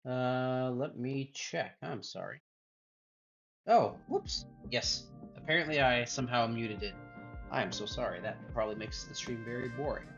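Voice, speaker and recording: A man chats casually while drawing on a livestream, muttering to himself as he works and then turning to greet his viewers. His voice sits at an ordinary middle pitch. The stream audio sounds a little dull and lo-fi. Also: normal speed, a bit bright, faint music behind. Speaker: illustration livestreamer.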